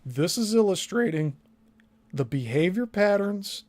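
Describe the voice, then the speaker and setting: Woman, slow deliberate delivery, expressive intonation, emphatic commentator. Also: mid-range voice. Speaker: co-host. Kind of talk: casual commentary chat.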